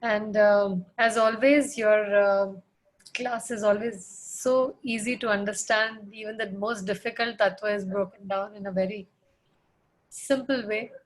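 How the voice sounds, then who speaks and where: Slow-speaking polite woman moderator. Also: medium pitch, fairly even intonation, low-quality recording. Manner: polite, appreciative, hesitant fillers. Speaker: class moderator. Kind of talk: moderating an online class.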